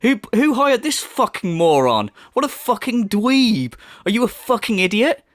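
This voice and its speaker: Ranting man, high and lively. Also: a little slow, no echo, studio quality. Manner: angry, profane, mocking. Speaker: commentary youtuber. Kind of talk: ranting commentary.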